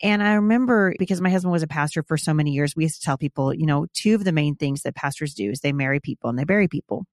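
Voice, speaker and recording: A woman's voice: sits low, fast talker, few pauses, no echo, clean studio sound. A middle-aged woman hosting a conversation, reflective and earnest. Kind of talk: conversational talk.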